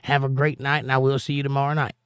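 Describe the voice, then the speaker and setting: A man's voice: medium pitch, little pitch movement, fast talker, fairly bright tone, clear, resonant tone, no echo. A man hosting a live stream, reading chat aloud and answering with blunt, sarcastic put-downs.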